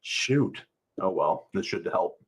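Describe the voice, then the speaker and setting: A man's voice: deep voice, very animated, takes it slowly. A man reading a novel aloud on a live stream and chatting casually with viewers, laughing often.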